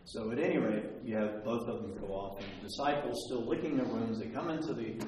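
A man preaching a sermon, telling a story with lively energy and acting out the quotes in different voices. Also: medium pitch, brisk, slight background noise. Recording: echoey hall from far off.

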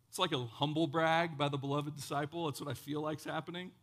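A man preaching a sermon as pastor, with impassioned swings from loud exclamations to hushed, solemn passages and casual conversational asides. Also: a little high, steady tone, brisk, few pauses.

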